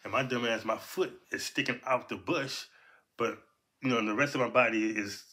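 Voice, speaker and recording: A man in his fifties from Los Angeles, telling a personal story in animated, profane street talk. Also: normal speed. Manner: animated, profane, punctuates with "boom". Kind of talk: casual storytelling.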